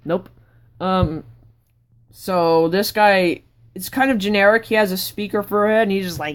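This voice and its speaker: A woman vlogger giving a casual, rambling tour of her sketchbook, breaking into sudden excited outbursts. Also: medium pitch, moderate pace, clear, resonant tone.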